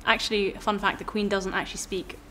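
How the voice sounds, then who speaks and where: A woman's voice: medium pitch, level tone, brisk, a bit bright, a little hiss or hum. A woman with a Southern English received pronunciation accent, coaching pronunciation in a casual chat, giggly and encouraging. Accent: Southern English, near received pronunciation. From England.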